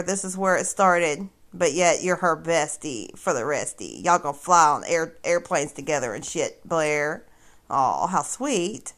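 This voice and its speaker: Woman livestream host with a sarcastic, mocking edge and a lively, swinging pitch; casual talk aimed straight at viewers. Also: a little slow.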